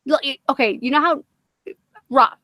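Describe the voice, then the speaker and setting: Animated young woman. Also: sits high, moderate pace, no echo. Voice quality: slightly boyish nasal voice. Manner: animated, swearing, self-mocking. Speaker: livestream co-host. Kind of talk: casual livestream chat.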